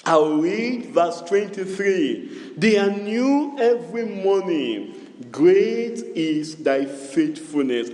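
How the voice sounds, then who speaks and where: Male pastor, high animated pitch, unhurried call-and-response sermon, church hall echo with long reverb. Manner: call-and-response preaching, repetitive, sing-song cadence.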